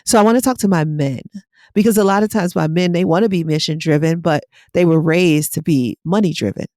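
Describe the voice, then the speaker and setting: A woman's voice: fairly low pitch, a little fast, a little mellow, no echo, studio quality. A middle-aged woman hypnotherapist giving a casual, blunt and direct motivational talk on her podcast.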